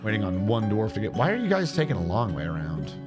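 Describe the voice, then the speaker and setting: A man's voice: on the low side, huge pitch swings, quick pace. A man casually thinking aloud as he plays a building game and answers his chat on a stream. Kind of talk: casual gameplay commentary. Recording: game stream with music behind. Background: guitar music.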